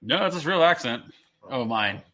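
A man in his thirties co-hosting a podcast, rambling excitedly with many restarts. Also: medium pitch, moderate pace. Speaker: podcast co-host. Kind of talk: casual chat.

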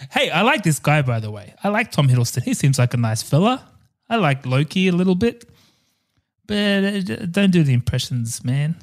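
A man in his thirties co-hosting a podcast in casual chat, playful and quick to laugh while riffing on jokes. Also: fairly high pitch, very animated. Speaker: podcast co-host.

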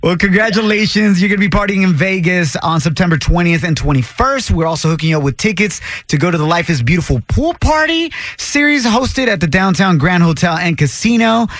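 A man's voice: sits high, lively intonation, brisk, hardly any pauses, fairly bright tone, no echo. A man hosting a morning radio show, upbeat and friendly as he talks with callers. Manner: upbeat, friendly, hypes winners. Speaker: radio host. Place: radio studio.

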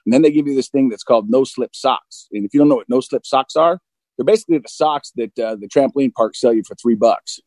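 Mid-forties male guest, mellow, dark timbre, open and self-deprecating storyteller, dry close recording. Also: mid-range voice, fast talker, dry recording, rough recording. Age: 40s. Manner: open and self-deprecating, acts out both sides of dialogue. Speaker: guest recounting recovery. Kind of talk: candid conversational storytelling.

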